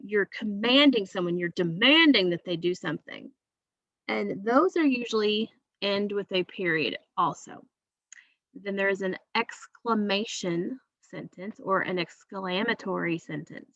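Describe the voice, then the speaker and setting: A woman's voice: mid-range voice, a bit bright, no echo, lo-fi sound. A woman teacher giving a recorded class lesson to young students, patient and repetitive, checking understanding with frequent okays.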